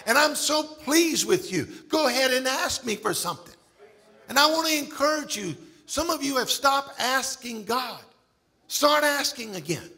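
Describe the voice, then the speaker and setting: A middle-aged male pastor preaching a sermon in a church, emphatic with shouts and exclamations. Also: extremely high pitch. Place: church sanctuary.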